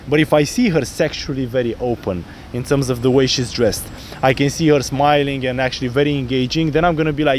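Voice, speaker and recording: A man's voice: medium pitch, brisk, slight background noise. A man coaching a student on a city street, explaining how to approach women and acting out his lines. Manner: animated, acts out pickup lines in different voices. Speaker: dating coach. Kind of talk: outdoor coaching talk.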